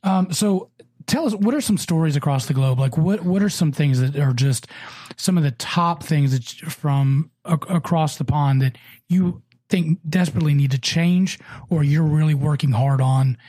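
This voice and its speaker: A man hosting a casual podcast, friendly and chatty, often pausing with fillers. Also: fairly high pitch, dark tone, dry recording. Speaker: podcast host.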